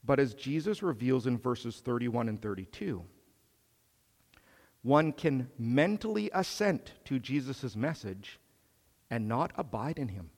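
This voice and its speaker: A man preaching a sermon in a slow, measured way, swelling on emphatic phrases. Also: mid-range voice, expressive, darkish tone, in a large hall.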